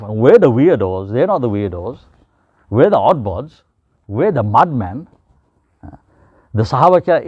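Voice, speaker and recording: A preacher speaks informally to a gathering, telling stories and acting out the voices of the people in them. His voice sits at an ordinary pitch for a man. The recording is dry and muffled. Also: no room sound. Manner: storytelling with acted quotes, mixing English with Gujarati and Urdu phrases. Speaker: Islamic preacher. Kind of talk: informal religious talk to a group.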